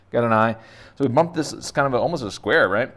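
A man's voice: mid-range voice, animated, fairly quick, a bit bright. A man teaching kids to draw in a casual, rambling, jokey way, thinking aloud as he sketches. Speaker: art teacher. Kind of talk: casual drawing lesson for kids.

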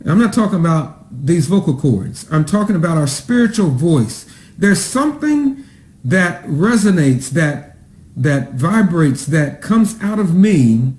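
Male pastor, high-pitched, preaches with drawn-out emphasis in a roomy space. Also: darkish tone. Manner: greets online viewers by name. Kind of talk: sermon. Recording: echoey room sound.

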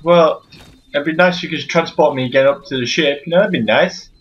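A man's voice: a little high, a little fast. Profane, exasperated gamer man, lo-fi. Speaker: gameplay commentator. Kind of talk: let's play commentary. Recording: dull lo-fi home recording.

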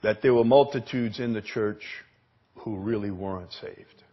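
A man preaching a sermon as pastor, emphatic, repeating words and asking the congregation questions, with a husky voice. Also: fairly low pitch, measured pace, muffled recording. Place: church sanctuary.

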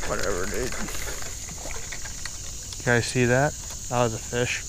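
A man talks casually to his viewers while fishing outside by a pond, easygoing and chatty, with a middle-pitched voice. His delivery is loose, full of ums and uhs. Faint music and crickets sit behind him. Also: flat delivery, normal speed, background noise. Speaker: fishing vlogger. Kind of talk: casual vlog talk to viewers. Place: outdoors by a pond.

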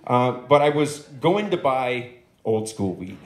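Brief: male stand-up comic, rambling and profane, mid-pitched, echoey club sound. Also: big pitch swings, measured pace. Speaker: stand-up comedian. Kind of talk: stand-up comedy storytelling. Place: comedy club stage. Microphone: handheld stage microphone.

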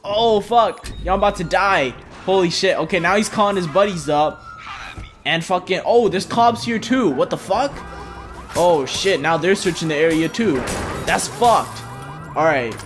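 A young man commenting on his own gameplay in loose slang, excitable and swearing constantly. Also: high-pitched, unhurried, soft background music. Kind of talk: casual let's-play commentary.

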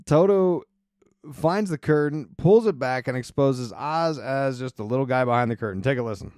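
A man hosting a podcast, retelling a story in a casual, colloquial way with wry asides and quick restarts. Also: mid-range voice, a little mellow, no room sound, studio quality. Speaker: podcast host.

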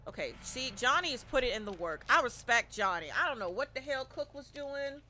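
A young woman streaming a horror game live, commenting excitedly and shouting repeated cheers and trash talk at her teammates. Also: high-pitched, brisk, slight background noise.

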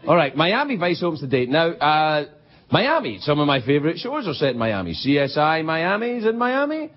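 Lively high-voiced late-night host. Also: male voice, moderate pace. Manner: playful, mock-outraged, swings between shouts and mutters. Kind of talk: comedy monologue. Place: TV studio with live audience. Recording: dull broadcast tape with loud audience.

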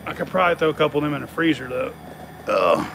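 A man's voice: on the high side, sing-song, fast talker, gravelly, background noise. Profane, rambling man. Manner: rambling, profane, laughing storyteller. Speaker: channel host. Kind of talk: casual storytelling chat.

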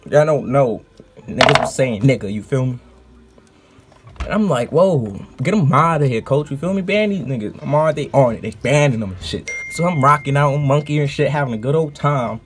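A man who streams, telling a story in a casual, animated and profane vlog rant. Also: medium pitch, moderate pace, a little hiss or hum.

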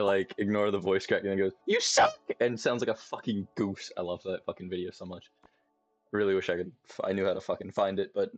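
A low male voice with the highs cut off comes from a young man streaming a farming game. Using a desk mic and webcam, he gives casual, rambling gameplay commentary to himself, full of profanity.

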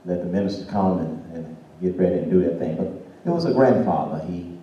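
A man's voice: sits low, lively intonation, brisk, muffled recording. A man preaching a sermon and telling a story, answered by a congregation. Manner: call-and-response preaching, rising to shouts. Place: church sanctuary. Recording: roomy church sound from far off.

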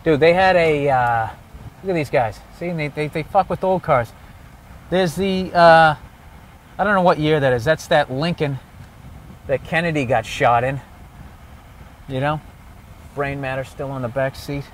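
A man doing comedy as he walks a city street outdoors, ranting loudly and sarcastically and swearing constantly. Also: a little high, a little slow, pauses often, a little hiss or hum. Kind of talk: profane ranting walking tour.

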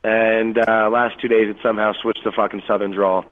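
A man's voice: lowish voice, little pitch movement. A man appearing as a guest on a podcast radio show, speaking bluntly and emphatically in casual, profane chat. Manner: blunt, emphatic, quick asides. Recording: tinny phone line.

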